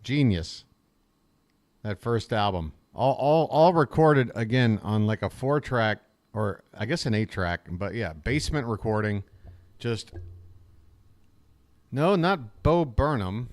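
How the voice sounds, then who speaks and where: A man's voice: medium pitch, animated, slow pace, no echo. A man doing casual live-stream baseball commentary, rambling and crude, talking to himself between plays.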